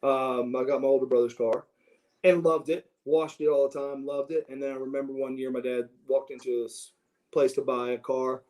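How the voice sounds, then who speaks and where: A middle-aged man telling stories from his youth in a casual interview, animated and prone to restarts as he acts out what others said. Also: mid-range voice, normal speed, rough recording. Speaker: interview guest. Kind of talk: casual storytelling.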